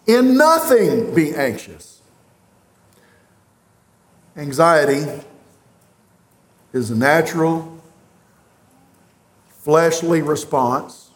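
A man preaching a sermon as pastor, speaking earnestly and directly to his congregation in a church sanctuary. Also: fairly high pitch.

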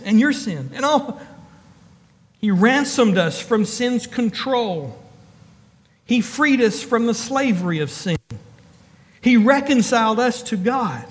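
High-pitched pastor man preaching hard, lists and callouts, big echoey church sound. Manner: preaching with rising emphatic calls and quick asides. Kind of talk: sermon.

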